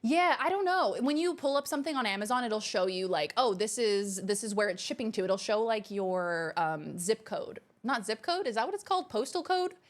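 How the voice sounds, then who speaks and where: A woman with a mid-range voice hosts a livestream in her home streaming room. She reads viewer messages aloud and chats in a bubbly, gushing manner, exclaiming readily.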